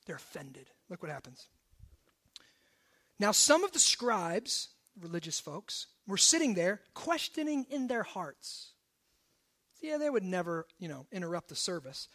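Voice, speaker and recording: A male pastor preaching a sermon to his congregation, swinging between forceful emphasis and hushed low asides. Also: very animated, measured pace. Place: church service.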